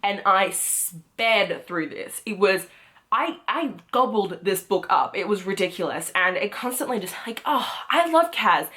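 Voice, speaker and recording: A young woman talks through the books she read this month, at a middle pitch. She gushes and gets carried away, and her voice jumps into high, excited squeals when she loves something. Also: a little slow. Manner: gushing, animated, swings into loud excited squeals. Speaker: book vlogger. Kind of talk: casual monthly book wrap-up.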